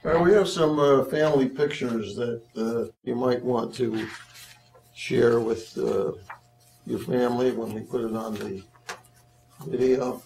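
A man's voice: mid-range voice, unhurried, vocal fry, darkish tone, slight background noise, poor audio. A man interviewing a relative for an oral history, asking brief prompting questions.

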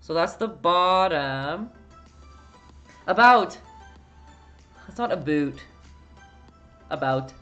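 A woman's voice: low voice, takes it slowly, long pauses, a bit bright, faint music behind. A Canadian woman with a Canadian accent teaching a casual live-stream painting lesson, chatty, answering viewer chat and laughing often. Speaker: painting instructor.

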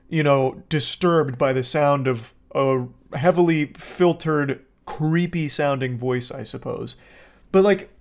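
Sarcastic man reviewing a movie. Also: a little high. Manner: sarcastic, rambling, many "like"s. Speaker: host.

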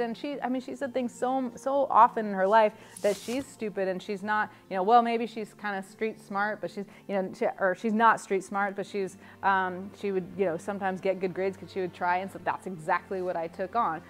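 A woman in her thirties, a motivational coach, telling rambling, self-deprecating personal stories in an animated way. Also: mid-range voice.

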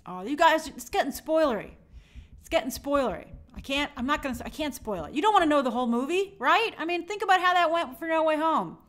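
A woman's voice: high voice, lively intonation, quick pace, few pauses, a bit bright. A young woman hosting a movie live stream, chatting upbeat and reading out viewer comments.

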